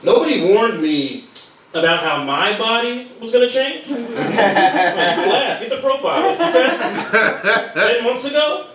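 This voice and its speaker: A man's voice: extremely high pitch, unhurried. A man doing a stand-up routine on a comedy club stage, joking and ranting with mock anger. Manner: lively, joking, mock-angry rants. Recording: echoey room, distant mic, loud crowd.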